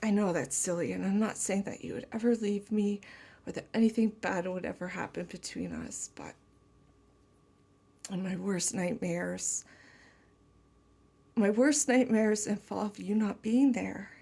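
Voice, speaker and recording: Slow, tender woman tarot reader. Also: medium pitch, expressive, vocal fry, mellow, husky. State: tearful. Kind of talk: channeled message reading.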